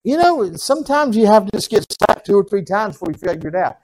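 A man's voice: high-pitched, fast. Folksy preacher man, chuckling. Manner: folksy, animated preaching with chuckles and call-and-response. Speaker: pastor. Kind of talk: sermon.

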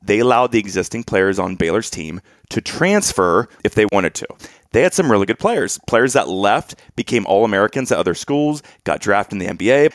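A man's voice: fairly low pitch, lively intonation, brisk, dry recording, studio quality. A man co-hosting a podcast, earnestly laying out background for listeners in casual chat. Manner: earnest, explains background at length. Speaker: podcast co-host.

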